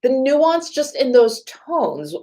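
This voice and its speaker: A woman's voice: high-pitched, slow pace. A woman who works as a reference librarian, giving a chatty panel talk and telling stories that act out the voices of the people in them. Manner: lively storytelling, acts out quoted voices; chatty, self-correcting asides.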